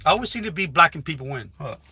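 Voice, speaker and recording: Man, high and bright-toned, rambling casual livestream advice, dry close phone sound. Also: big pitch swings, very fast, breathy edge, dry recording. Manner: rambling, repetitive, with frequent restarts. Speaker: livestreaming YouTuber. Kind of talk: casual live stream advice talk. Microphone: phone held while livestreaming.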